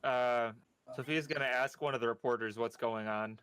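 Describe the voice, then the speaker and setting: A man's voice: mid-range voice, fairly even intonation, moderate pace, fairly bright tone, smooth. A man as a player in a tabletop role-playing game, casually describing what his characters do.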